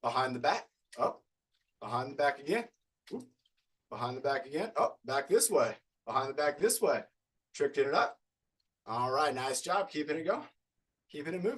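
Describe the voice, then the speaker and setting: A man's voice: fairly high pitch, very animated, moderate pace, pauses often, fairly bright tone. Upbeat fitness coach man counting reps. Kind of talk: live online group fitness class.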